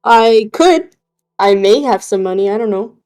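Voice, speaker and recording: A woman plays her character in a tabletop game in an easygoing, nonchalant way. She talks casually, and faint music plays softly in the background. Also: medium pitch, lively intonation, unhurried. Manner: laid-back, laughs often. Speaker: player.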